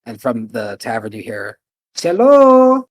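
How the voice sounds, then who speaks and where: A man narrating a tabletop game as game master, calm and a little hesitant. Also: fairly low pitch, moderate pace, slightly rough, dry recording.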